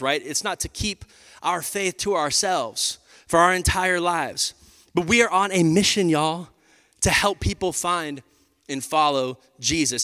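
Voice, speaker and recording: A man, preaching a sermon in a lively, conversational way and addressing the crowd as y'all. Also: a little high. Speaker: pastor. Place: large church auditorium. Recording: live hall with long reverb.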